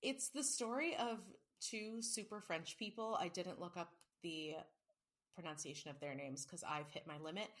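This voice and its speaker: A woman's voice: fairly low pitch, moderate pace, a bit bright. A woman co-hosting a casual book podcast, chatty and self-mocking, swearing now and then. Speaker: podcast co-host. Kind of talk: casual chat.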